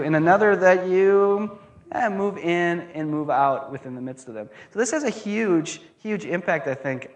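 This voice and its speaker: A man in his thirties delivers a conversational lecture, mixing ideas with wry personal stories. His voice sits a bit high for a man. He talks in an animated, humorous way.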